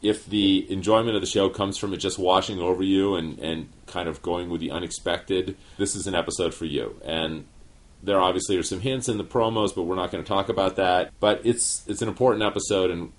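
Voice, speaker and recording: Middle-aged guy on a podcast, real deep voice, slow careful talk with lots of restarts. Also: fairly even intonation. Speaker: podcast co-host, show writer. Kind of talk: casual podcast chat.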